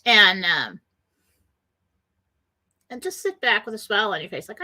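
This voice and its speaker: A middle-aged woman hosts a spiritual self-help radio talk, earnest and a bit rambling, occasionally acting out panicked voices. Her mid-range voice is bright and pushed, with lively intonation, an unhurried pace and frequent pauses.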